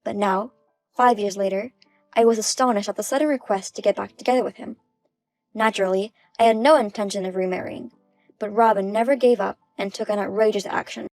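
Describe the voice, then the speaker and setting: A woman in her thirties telling her own story as a first-person text-story narrator, in a plain, even manner. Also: mid-range voice, brisk, vocal fry, dry recording, soft background music. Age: 30s.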